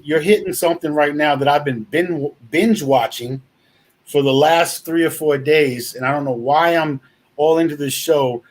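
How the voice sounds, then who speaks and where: A man co-hosting a casual chat in a slangy, excitable way. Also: fairly high pitch, normal speed. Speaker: co-host.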